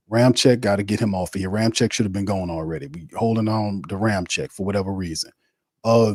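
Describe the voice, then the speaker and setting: Low-voiced dude ranting about his team on a live watch party stream, blunt and repetitive, dry close sound. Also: a little mellow, no room sound. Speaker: sports podcast host.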